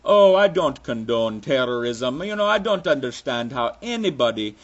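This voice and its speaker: A man's voice: medium pitch, very animated, moderate pace, muffled recording, lightly acted. A man putting on a mock-accented pious speaker. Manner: exaggerated mock foreign accent. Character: smooth-talking man making a pious public statement.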